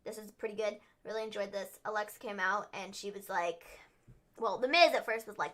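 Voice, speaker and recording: A young woman with a medium-pitched, fairly bright voice co-hosts a casual wrestling livestream recap at a fairly quick clip. She chats with plenty of fillers and acts out quotes in silly voices.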